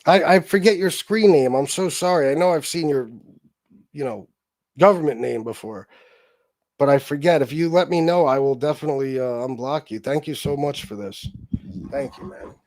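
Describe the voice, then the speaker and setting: A man's voice: on the high side, normal speed, darkish tone, no room sound. A man hosting a livestream, ranting bluntly with lots of swearing and rambling asides. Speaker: livestream host. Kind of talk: casual livestream rant.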